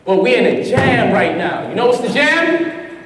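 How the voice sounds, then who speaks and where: A man with a high voice teaches a seminar and keeps pulling the room into it with questions and laughter. He sounds far from the mic, and his voice rings through a large echoey hall with a long tail. A faint hiss sits under everything. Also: very animated, measured pace, fairly bright tone. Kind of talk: live seminar talk.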